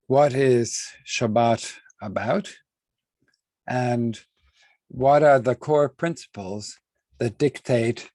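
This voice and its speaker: A man teaching an online class on a video call, deliberate, often repeating and restarting words and stressing key terms slowly. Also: mid-range voice, no room sound. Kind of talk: online lecture with screen sharing.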